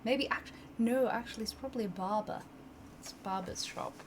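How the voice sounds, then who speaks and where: A woman narrating a tabletop game as game master, relaxed and hesitant with many fillers. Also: a little high, fairly quick, background noise.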